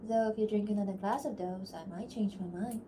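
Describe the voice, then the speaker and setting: A woman's voice: medium pitch, a little fast, noisy background, lightly acted. A woman voicing a young female character for an animatic, doing a Cajun accent with a drawling, teasing delivery. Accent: attempted Cajun. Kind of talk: animatic voice line takes.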